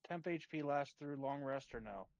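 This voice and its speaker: A man's voice: medium pitch, lively intonation, normal speed, no echo, dull audio. A man playing at a tabletop game, making dry, wry asides. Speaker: player. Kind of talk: casual chat at a game table.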